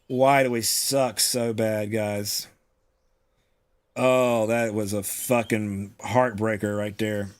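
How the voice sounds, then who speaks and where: A man's voice: lowish voice, little pitch movement, slow pace. A man giving casual gameplay commentary, exasperated and groaning, often repeating himself and swearing. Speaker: gaming streamer.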